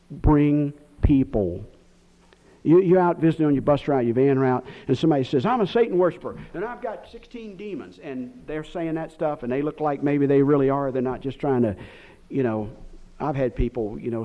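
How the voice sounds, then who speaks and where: Emphatic preacher, lo-fi. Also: male voice, mid-range voice. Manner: rambling, digressive preaching with sudden emphatic outbursts. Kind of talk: sermon. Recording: dull lo-fi recording.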